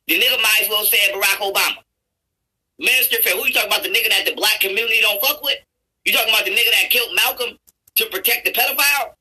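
Husky bright-voiced guy ranting on his channel, cusses a lot, trips over his words and yells. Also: high voice, poor audio. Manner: profane, repetitive, stammering restarts, rising to shouts. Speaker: YouTuber. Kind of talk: angry ranting commentary over a played clip.

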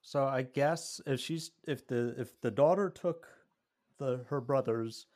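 A man's voice: medium pitch, measured pace, a little mellow. A man playing a tabletop horror game, casually thinking out his character's moves aloud. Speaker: player.

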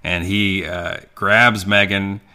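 A man's voice: low-pitched, slow, smooth. A man co-hosting a podcast, recapping a movie in casual, jokey chat and acting out the characters' lines. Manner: jokey, animated retelling with quoted voices. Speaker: podcast co-host.

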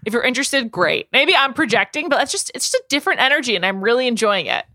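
A woman's voice: on the high side, sing-song, fast, bright, forceful tone, no room sound. A woman co-hosting a podcast in enthusiastic, rambling chat with heavy "like" fillers. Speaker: podcast co-host. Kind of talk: casual chat.

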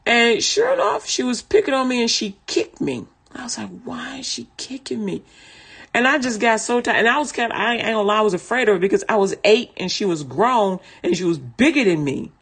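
A woman's voice: fairly high pitch, animated, a little fast, hardly any pauses, a bit bright, husky. A woman casually telling a personal story in conversational, vernacular speech, often laughing and restarting her sentences.

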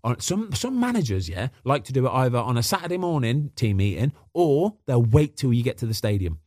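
A man's voice: mid-range voice, big pitch swings, brisk, darkish tone, no room sound, clean studio sound. A man in casual podcast chat, telling stories about football and acting out what people said. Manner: chatty storyteller, acts out quotes. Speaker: former footballer guest.

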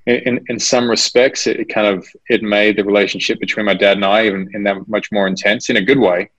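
A man's voice: fairly low pitch, steady tone, a little fast, a bit bright. A man, an actor being interviewed, talking casually and hesitantly with many fillers and restarts. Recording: dull lo-fi recording.

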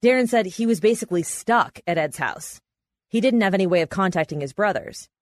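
A woman reporter and podcast host, telling a court story in measured, matter-of-fact scripted narration. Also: mid-range voice, expressive, no room sound.

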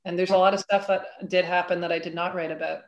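A woman's voice: on the low side, flat delivery, quick pace, dull audio. A woman author speaking as a guest in a casual interview, earnest and thoughtful, with frequent fillers.

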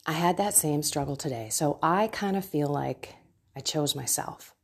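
A middle-aged woman with a deep, creaky, husky voice hosts a devotional podcast, speaking at a normal speed. As a faith coach, she talks casually and earnestly about her own prayer life, keeping it personal while urging her listeners on.

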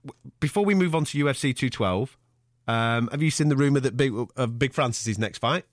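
A man co-hosting a casual MMA podcast, chatty and lively. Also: mid-range voice, fairly quick, dry recording, clean studio sound. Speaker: podcast co-host.

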